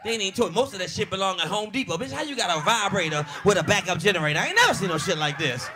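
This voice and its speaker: Brash high-voiced stand-up comic in his forties. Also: expressive, very fast, noisy background. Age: 40s. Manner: brash, profane, punchy storytelling. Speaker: stand-up comedian. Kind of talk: stand-up comedy set. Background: audience laughter.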